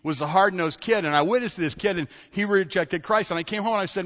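Folksy middle-aged pastor preaching in a hall. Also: male voice, high voice, fast, hardly any pauses, fairly bright tone. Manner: folksy, storytelling with self-interruptions and laughs. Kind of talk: sermon. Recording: dull audio with long hall reverb.

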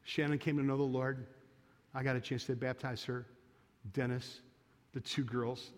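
A man's voice: mid-range voice, flat delivery, moderate pace. A pastor preaching a sermon in a folksy storytelling way, growing emphatic as he exhorts the congregation. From United States. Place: church sanctuary. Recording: long church reverb.

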